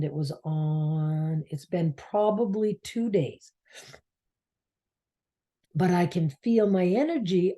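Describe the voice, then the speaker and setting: A woman's voice: on the low side, dark tone. A woman from Maine telling a heartfelt personal story in a rambling way, sometimes dropping to a near whisper. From Maine, United States. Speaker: spiritual coach, channel host.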